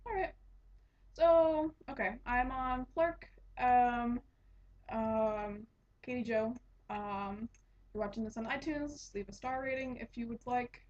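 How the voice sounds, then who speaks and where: Her voice a little high and darkish in tone, this young woman speaks slowly while hosting her casual knitting podcast. She's also a resident assistant, and her rambling story, full of giggles and restarts, comes through a dull lo-fi home recording.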